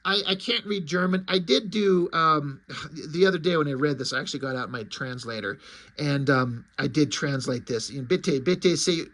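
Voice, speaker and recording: A man's voice: fairly high pitch, moderate pace, fairly bright tone. A man casually walking through a comic book, chatty and swearing freely.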